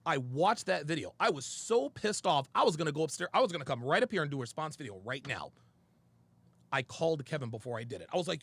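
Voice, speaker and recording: A man's voice: on the high side, fast talker, husky, no echo. A man hosting a show, telling a long story in a heated, profane monologue and acting out both sides of a conversation. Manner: animated storytelling, quoting a friend and himself; profane and emphatic. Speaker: show host. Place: studio.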